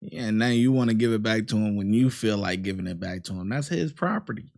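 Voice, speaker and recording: A man's voice: lowish voice, brisk, vocal fry, a little mellow. A man hosting a reaction video, giving laid-back, slangy commentary and laughing often. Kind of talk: casual commentary on bodycam footage.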